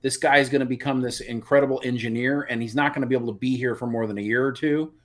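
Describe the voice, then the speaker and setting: A man co-hosting a live review podcast, chatting casually and getting animated as he makes his points. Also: medium pitch, quick pace. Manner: animated, opinionated, repeats words when excited. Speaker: podcast co-host.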